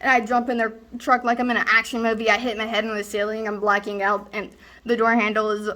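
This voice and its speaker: A woman's voice: fairly high pitch, little pitch movement, quick pace, sharp tone. A young woman performing a stage monologue as a rambling, boastful slacker student who tells a wild story with lots of fillers. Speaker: student actor. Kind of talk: stage monologue, self-recorded.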